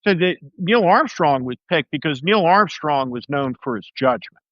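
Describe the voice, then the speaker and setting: A man's voice: a little high, expressive, normal speed, no room sound, dull audio. A man in casual political talk, emphatic and rambling, with many fillers and restarts. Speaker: political commentator.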